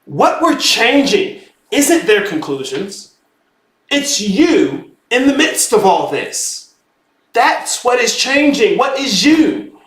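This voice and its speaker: A man teaching spirituality in a casual, animated lecture, emphatic and profane, who keeps calling the listener "bro". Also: very high-pitched, slow. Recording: roomy echo.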